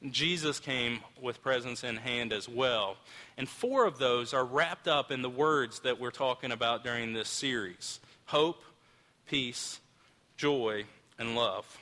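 A man's voice: medium pitch, takes it slowly, pushed and bright, big-room sound. A man in his thirties preaching a sermon in a casual storytelling way, often restarting his sentences, recorded in a church auditorium. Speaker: pastor.

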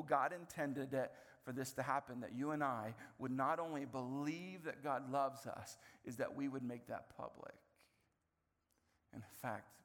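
A man preaching a sermon as pastor, animated, with playful asides and sudden swings between loud and quiet. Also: on the high side, in a large hall. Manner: animated, playful asides, quick shifts in volume.

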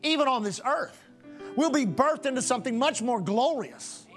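A man's voice: extremely high pitch, expressive, moderate pace, fairly bright tone, faint music behind. A man preaching a sermon as pastor, repeating phrases in a rhythmic cadence for emphasis.

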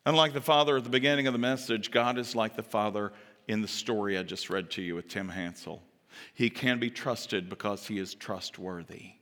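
A man preaching a sermon as a pastor, telling stories with animated delivery and acting out the people in them. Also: fairly low pitch, a little fast, in a large hall. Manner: animated storytelling, acting out quoted voices. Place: church sanctuary.

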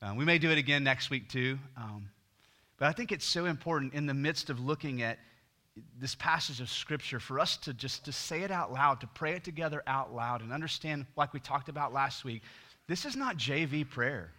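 A middle-aged man preaching a sermon, swinging from loud emphasis to hushed near-whispers. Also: medium pitch, lively intonation, normal speed. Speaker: pastor.

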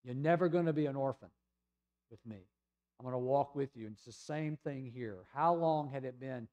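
A man from the United States preaching a sermon in a conversational storytelling way, sometimes dropping to a soft, hushed voice. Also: mid-range voice, moderate pace, highs cut off. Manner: conversational storytelling, acting out voices of people in the scripture passage; drops to a soft, hushed voice in tender passages. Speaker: pastor.

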